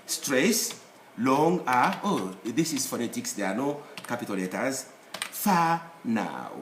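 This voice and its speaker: A man's voice: medium pitch, very animated, measured pace. A man with an African English accent teaching an English spelling and pronunciation lesson, repeating words to drill them. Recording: echoey room, faint background noise.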